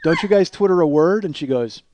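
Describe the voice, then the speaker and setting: A man's voice: fairly high pitch, animated, a little fast, a little mellow, a little hiss or hum. A man telling a long comic story about himself, rambling, self-mocking and profane. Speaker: comedy podcast host. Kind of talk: solo comedic storytelling.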